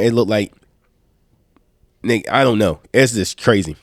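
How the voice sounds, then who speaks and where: A man's voice: fairly low pitch, normal speed, dry recording, clean studio sound. Stuffy-nosed man telling loose stories. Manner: loose, profane, animated storytelling. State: sick, stuffed-up nose. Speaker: podcast host. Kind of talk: casual podcast chat.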